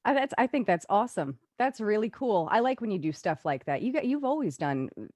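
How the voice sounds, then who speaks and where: A woman in her late thirties hosting an interview, friendly and quick to laugh in casual chat. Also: mid-range voice, sing-song, a little mellow, no echo. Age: 30s. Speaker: interview host.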